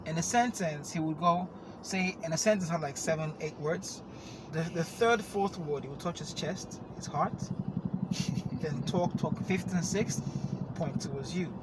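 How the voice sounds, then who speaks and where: A man hosting a casual, unscripted podcast chat, playful and quick to laugh as he riffs. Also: a little high, very noisy. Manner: playful, laughs often, drawn-out filler mimicry. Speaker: podcast host.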